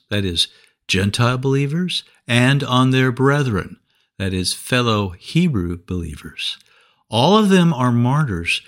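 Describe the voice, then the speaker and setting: A male Bible teacher speaks slowly and deliberately in a sermon-style lesson. His voice rises and falls widely in pitch as he reads scripture passages aloud, then steps through his explanation point by point. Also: fairly bright tone.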